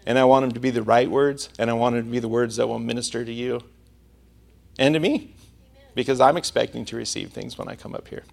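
Gravelly-voiced male preacher telling a story. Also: medium pitch, fairly even intonation, fairly quick, darkish tone. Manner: storytelling with a conversational tone. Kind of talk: sermon.

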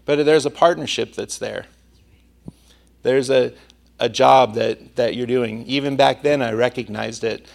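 A man's voice: medium pitch, measured pace, vocal fry. A male preacher delivering a sermon, telling a personal story in a conversational manner.

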